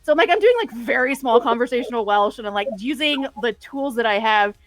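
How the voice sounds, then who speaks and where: A woman's voice: a little high, expressive, a little fast, no room sound, faint music behind. A woman chatting casually on a show, telling rambling stories full of tangents. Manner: rambling, tangent-prone storytelling. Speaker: podcast co-host. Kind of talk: casual chat.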